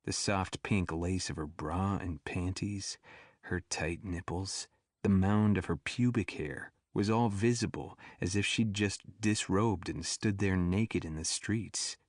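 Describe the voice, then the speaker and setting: Low-voiced male audiobook narrator. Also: takes it slowly, dry recording, clean studio sound. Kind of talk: scripted narration.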